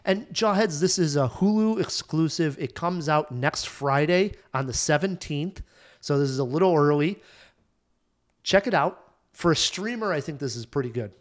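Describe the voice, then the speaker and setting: A man co-hosting a casual movie podcast, telling stories quickly and running a trivia game. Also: a little high. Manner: animated, quick storytelling. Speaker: podcast co-host. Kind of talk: casual movie review chat.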